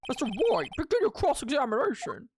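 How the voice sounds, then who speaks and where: A woman's voice: high-pitched, very animated, a little fast, a little mellow, slight background noise. A woman voicing a timid old male judge with a stiff, formal courtroom manner while reading a game on stream. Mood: stern.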